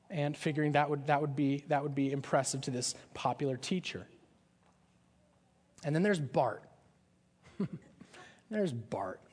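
A man preaching a sermon in a conversational style, often asking his listeners questions. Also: a little high. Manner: conversational, asks the audience questions. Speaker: pastor.

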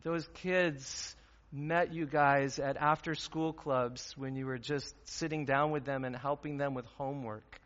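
A man's voice: medium pitch, fairly even intonation, a little slow, a bit bright. A man preaching a sermon as a pastor, talking in an earnest, conversational way with fillers. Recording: dull sound with long hall reverb.

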